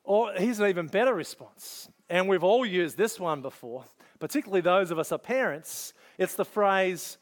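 High-voiced pastor telling a story. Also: male voice, expressive, moderate pace. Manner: storytelling, acts out his own inner thoughts, conversational. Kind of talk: sermon with personal story.

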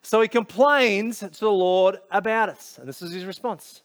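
A man's voice: high-pitched, moderate pace, few pauses. A man with an Australian accent preaching a sermon in a conversational, storytelling way, full of casual asides. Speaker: pastor.

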